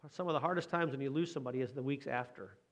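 A man's voice: medium pitch, very fast, a bit bright. A man preaching a sermon in a conversational way, often asking his listeners questions. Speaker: pastor.

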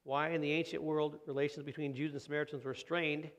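Acting out the voices of children and parents, a middle-aged male pastor gives a conversational sermon laced with rhetorical questions. He talks fast in a fairly high, level voice, and the recording's high frequencies are cut off.

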